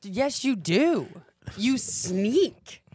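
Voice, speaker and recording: A young adult woman, a comedian guest, joking around with deadpan teasing in casual podcast banter. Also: fairly high pitch, drawn-out words, breathy edge.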